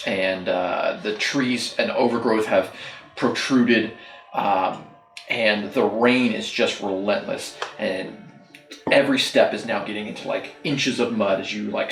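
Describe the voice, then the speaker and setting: A man's voice: mid-range voice, reverberant, low-quality recording. A man running a tabletop game as dungeon master, narrating loosely with many ums and likes. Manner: rambling, filler-heavy narration.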